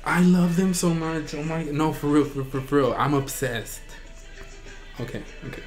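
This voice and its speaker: A man hosting a reaction video, gushing with excitement and often breaking into shrieks and squeals. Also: on the high side, moderate pace, faint music behind. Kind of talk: excited fan reaction commentary.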